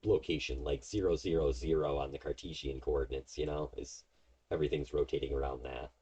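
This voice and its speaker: A man's voice: rumbling low, fairly even intonation, brisk, mellow, breathy edge, lo-fi sound. A man narrating as game master of a tabletop game, explaining at length with many fillers. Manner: rambling, filler-heavy explaining.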